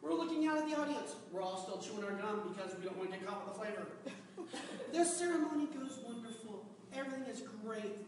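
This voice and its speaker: A man giving a humorous personal story speech to a club audience, animated and laughing along as he tells it. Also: high-pitched, fast, background noise. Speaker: speaker at a public speaking club. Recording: echoey hall, recorded from far off.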